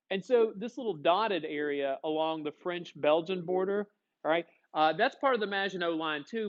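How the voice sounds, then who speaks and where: A man's voice: on the high side, dull audio. A male history teacher giving a chatty classroom lecture, asking the class questions in a folksy way.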